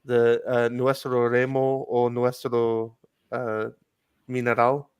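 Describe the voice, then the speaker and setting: A man hosts a casual podcast chat, speaking in an excitable, rambling way that trails off mid-thought. His pitch sits in the middle range. The sound is dry and close. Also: slow pace, clean tone, no echo.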